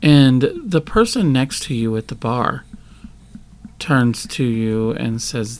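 A man's voice: mid-range voice, animated, takes it slowly, a little mellow. A man running a tabletop role-playing game as game master, narrating scenes in descriptive detail. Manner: descriptive narration with filler and restarts.

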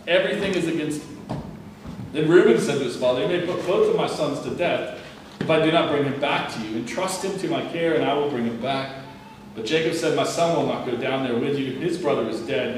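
A man with a somewhat high voice reads scripture aloud at a steady, measured pace, now and then tripping over a word and restarting. He sits well back from the mic in a very echoey room. A faint hum of ambient noise sits underneath. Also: recorded from a distance. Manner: measured, plain reading with occasional stumbles and restarts. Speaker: scripture reader. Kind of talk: reading a Bible passage aloud.

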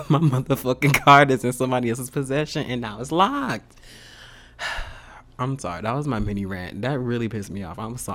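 A young man venting in a casual storytime rant, heated and full of slang and swearing. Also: medium pitch. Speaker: vlogger.

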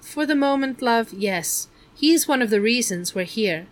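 A woman reading aloud, voicing an ancient, creaky-voiced woman who explains things earnestly and fondly. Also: fairly high pitch, lively intonation, unhurried. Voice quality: creaky, like an unoiled hinge.

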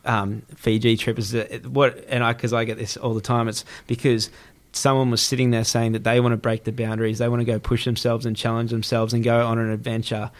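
A man's voice: medium pitch, fairly quick, hardly any pauses. A young adult man, hosting a casual chat and acting out quotes as he tells stories. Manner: animated storyteller who acts out quotes.

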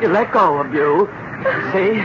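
A wailing melodramatic dress designer. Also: male voice, high-pitched, takes it slowly, very noisy. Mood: frantic. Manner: theatrical, grandiose, wailing. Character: melodramatic vain male fashion designer, fiery. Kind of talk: 1970s radio drama acting. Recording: dull old radio broadcast.

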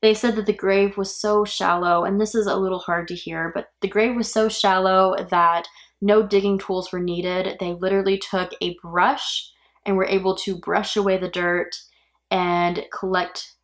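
Casual woman hosting a true crime podcast. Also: on the low side. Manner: casual, opinionated, reacting aloud. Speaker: podcast host.

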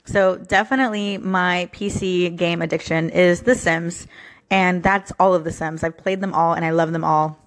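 A woman's voice: fairly low pitch, steady tone, moderate pace. A woman leaving a casual message for a radio show while eating lunch, chatty and eager. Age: adult parent.

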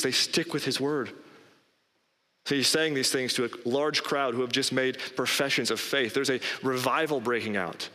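A man preaching a sermon as pastor, emphatic and rising in pitch on key phrases. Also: sharp tone. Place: church sanctuary. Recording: long hall reverb.

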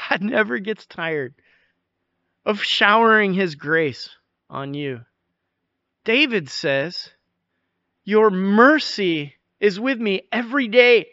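A man preaching a sermon in a conversational way, often restarting phrases and dropping to a soft, intense hush. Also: sits high, lively intonation, takes it slowly, long pauses, no room sound, highs cut off. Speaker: pastor.

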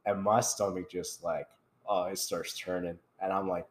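A man's voice: sits low, normal speed. A young man, casually telling a funny story on a podcast and laughing as he talks. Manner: animated, laughs while telling stories. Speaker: podcast host.

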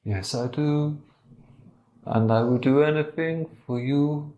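A man voicing a strange, creepy male drug dealer who speaks slowly and oddly, in a roomy recording. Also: warm tone, muffled recording, slight background noise, close to an everyday voice. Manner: slow, low, sinister, odd rhymes.

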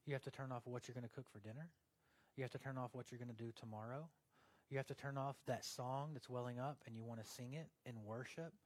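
A man preaching a sermon in a conversational way, swinging from loud emphasis down to a hushed, near-whispered delivery. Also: mid-range voice, steady tone, fast talker, no room sound. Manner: conversational, with fillers like "like" and "uh". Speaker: pastor.

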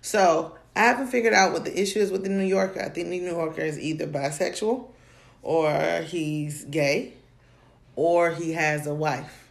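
A woman with a low voice chats casually about dating, telling stories in an animated way with frequent laughs. She sounds like she is in an echoey room. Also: normal speed, vocal fry. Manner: animated storytelling, laughs often. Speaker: podcast co-host.

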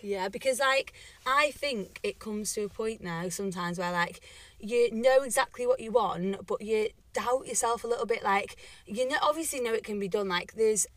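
Young woman, bright clear tone, slightly high voice, giggly casual podcast chat, outdoors. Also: moderate pace, no room sound. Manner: giggly, chatty, swears casually. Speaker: podcast co-host. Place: outdoors in a cemetery at sunset.

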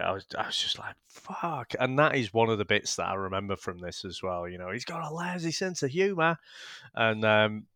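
A man's voice: fairly low pitch, sharp tone, no room sound, clean studio sound. A man co-hosting a casual film review podcast, rambling and laughing as he talks. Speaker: podcast co-host.

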